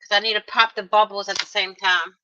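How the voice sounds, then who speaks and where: A woman's voice: medium pitch, little pitch movement, a little fast, background noise. A woman narrating a casual crafting tutorial, chatty and talking straight to her viewers with playful little exclamations, in a dull lo-fi recording. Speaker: craft vlogger.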